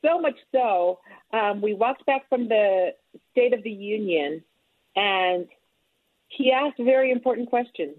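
A woman's voice: medium pitch, animated, measured pace, no echo. Earnest woman telling her story over a phone line, tinny and dry. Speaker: guest, author and former politician. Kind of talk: conversational interview.

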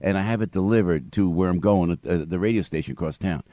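A man's voice: low voice, fast, mellow. A middle-aged man hosting a morning radio show, telling stories in a chatty way and laughing often. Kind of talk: casual morning radio chat.

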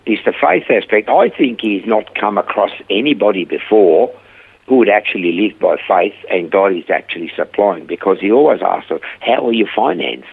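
Gravelly low-voiced man over a phone line. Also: normal speed. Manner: animated storyteller acting out dialogue. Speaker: rehab centre founder. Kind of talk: telling stories in a radio interview. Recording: tinny phone-line sound.

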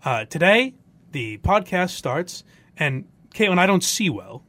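A man's voice: sits high, unhurried, dry recording. A man hosting a podcast, telling stories in casual chat and mimicking the people in them. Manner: animated storytelling, mock voices for others. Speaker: podcast host.

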